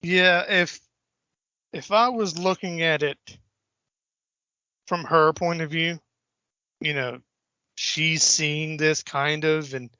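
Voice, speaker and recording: A man co-hosting a podcast in casual chat, animated and acting out film lines. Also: takes it slowly, pauses often, clear, resonant tone, dry recording. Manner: animated, acts out movie lines in a high voice. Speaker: podcast co-host. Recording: dull lo-fi podcast audio.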